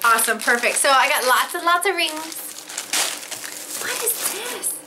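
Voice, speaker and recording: High, lively woman unboxing fan mail. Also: normal speed, background noise. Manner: gushing, gasping and exclaiming, laughs often. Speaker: vlogger opening fan mail. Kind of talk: casual unboxing chat. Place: home craft studio.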